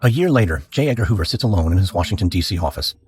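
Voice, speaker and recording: A man narrating a scripted history drama podcast in a measured, dramatic storytelling manner. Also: low-pitched, expressive, a little mellow.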